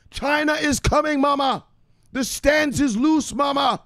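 A man voicing a frantic young son who is obsessed with crypto and yells at his mother in a strained, high voice. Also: no echo, studio quality. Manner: frantic, overwrought shouting.

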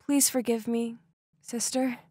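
A contrite young woman speaks softly and sheepishly in an animated storybook, read by a woman narrator. Her voice sits fairly high. The sound is dry and close. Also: a little slow, dry recording. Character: young woman, remorseful adoptive sister.

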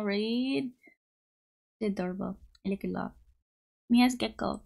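A woman's voice: mid-range voice, measured pace, creaky, long pauses, a little mellow. A young woman livestreaming from home into a desktop mic, chatting casually with her chat in a bubbly, rambling way. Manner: bubbly, rambling, giggly, reads chat aloud. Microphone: desktop USB mic.

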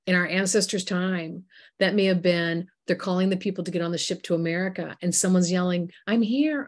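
Lowish-voiced woman telling stories. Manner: animated storytelling, acts out quoted voices. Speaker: guest author. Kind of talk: interview conversation.

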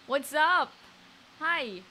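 A woman with a high voice and drawn-out words streams a card game from home, chatting excitably and reacting aloud to each play as live gameplay commentary. The low-quality recording has slight background noise.

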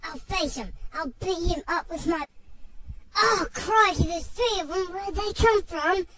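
A performer voicing Mister Gnome, a small, bumbling male gnome wildlife expert who talks excitably, yelps, and sprinkles in Outback slang. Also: extremely high pitch, normal speed, over a noisy crowd, rough recording. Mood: panicked. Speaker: comic wildlife show host. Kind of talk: amateur video-game comedy sketch.

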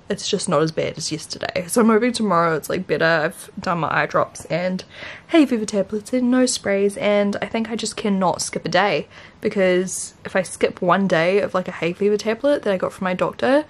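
A young woman with a New Zealand accent, chatting casually to camera as a vlogger and telling stories, full of "like" fillers, with a dry throat from hay fever. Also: medium pitch. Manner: chatty storytelling, many "like" fillers.

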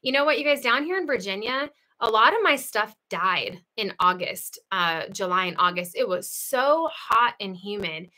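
A woman hosting a casual home livestream, reading out viewer comments and chatting with lively asides and frequent laughs. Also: mid-range voice, moderate pace, hardly any pauses. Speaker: livestream host.

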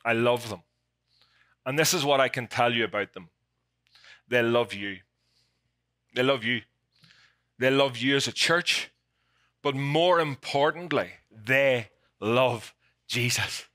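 A man's voice: mid-range voice, slow, pauses often, sharp tone, no echo. A man with a Northern Irish accent preaching as a guest pastor, joking about himself and getting emotional. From Ireland. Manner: jokey, self-deprecating, emotional. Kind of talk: sermon. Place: church sanctuary.

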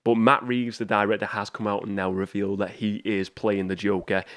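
A man's voice: lowish voice, little pitch movement, brisk, fairly bright tone, dry recording, studio quality. A man hosting a podcast, talking casually and eagerly about a film. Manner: chatty, enthusiastic, many restarts and fillers. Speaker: podcast host. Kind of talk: casual film review talk.

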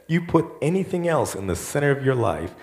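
A man's voice: a little fast, vocal fry, reverberant. A man preaching a sermon as pastor, acting out the voices of the people he quotes. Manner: animated preaching, quoting voices with rising pitch.

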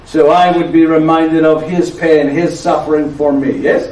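An actor playing an aging, tired but playful friar with an Italian accent, a teasing storyteller who keeps asking "yes?". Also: male voice, fairly high pitch, steady tone, normal speed, darkish tone, natural voice. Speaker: actor performing a one-man show. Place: church hall before a live audience. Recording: echoey church hall, voice from far off.

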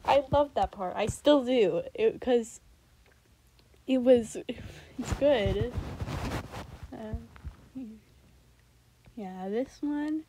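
A young woman reacting to her old raps in a casual, rambling way, switching between loud outbursts and mumbled asides. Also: a little high, extremely slow, pauses often, background noise.

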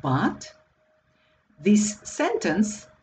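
Slovak-accented woman teacher, slow patient drills, faint room hum behind. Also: medium pitch, wildly swooping pitch, darkish tone, poor audio. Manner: slow and deliberate, repeating words for learners. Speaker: language teacher. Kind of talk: slow grammar lesson for beginners.

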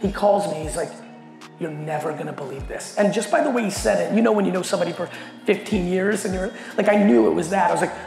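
A middle-aged man giving a blunt, animated keynote to a company audience and swearing constantly as he tells a story. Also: high-pitched, fast, vocal fry. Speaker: keynote speaker. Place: large hall at a company event. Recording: echoey hall with faint music.

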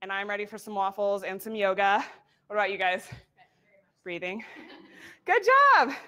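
A woman's voice: medium pitch, flat delivery, quick pace, fairly bright tone, clean tone. A young woman leading a live workout, cheering people on with whoops and short cues, audibly out of breath. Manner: upbeat, encouraging cues with whoops. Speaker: fitness instructor.

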